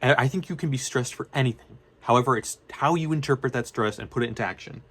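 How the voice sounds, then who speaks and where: A man's voice: medium pitch, quick pace, fairly bright tone, slightly rough. A young man, a student vlogger, talks casually and unscripted, rambling and correcting himself as he goes. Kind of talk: casual unscripted talk to camera.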